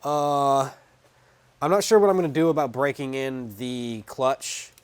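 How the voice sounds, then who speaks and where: A man's voice: medium pitch, measured pace, clean tone, no room sound. A man talking casually and profanely while working on his car, often trailing off and restarting his sentences. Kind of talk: casual garage vlog.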